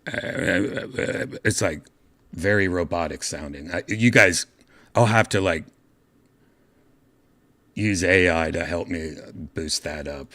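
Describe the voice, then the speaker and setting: A man's voice: low-pitched, slow pace, pauses often, bright, forceful tone, slight background noise. A man hosting his own show, telling a rambling story and putting on voices for the people in it. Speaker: podcast host. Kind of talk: casual storytelling vlog.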